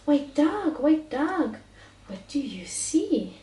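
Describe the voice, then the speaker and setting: Woman, parent, reading picture book aloud to toddler, playful animal noises, unhurried, echoey room, distant mic. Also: high voice, very animated, warm tone. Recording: roomy home recording from a distance.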